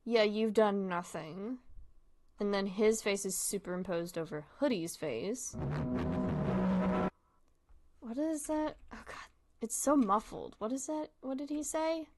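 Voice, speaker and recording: A woman's voice: a little high, measured pace, long pauses, over loud music. A young woman streaming casual commentary, chatty and easily distracted, laughing often.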